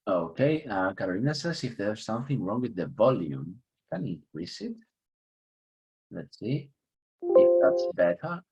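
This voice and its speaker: A man runs an online English lesson over a video call, his low voice coming through dull, lo-fi computer audio. He stays chatty and upbeat, chuckling easily and leaning hard on the key words. His voice sounds a little husky. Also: big pitch swings, a little slow, a little mellow. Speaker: English teacher. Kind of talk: online class teaching. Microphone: computer mic on a video call.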